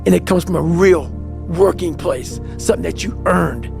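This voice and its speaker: A man's voice: on the high side, normal speed, creaky. A man giving a passionate, emphatic motivational talk as a podcast guest, swearing often and pressing hard on his points. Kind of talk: intense motivational monologue. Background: faint background music.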